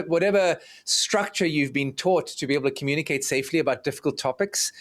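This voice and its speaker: Guy on a podcast calmly explaining couples stuff, normal mid voice. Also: medium pitch. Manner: calm, explanatory, acts out example dialogue. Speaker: relationship coach, guest.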